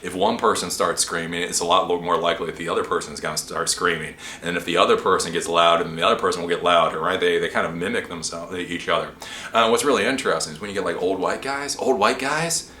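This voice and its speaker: A man hosting a show, answering a viewer's question in a rambling, animated way. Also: sits low, fast talker, echoey room, a little hiss or hum. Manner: rambling, animated, with frequent laughs and restarts. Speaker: host.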